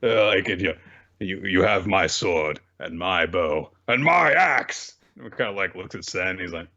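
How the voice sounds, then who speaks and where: A man's voice: sits low, lively intonation, unhurried, sharp tone, highs cut off. A man hosting a casual podcast, chatting about manga in a rambling, playful way with lots of fillers. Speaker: podcast host. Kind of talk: casual chat recapping manga.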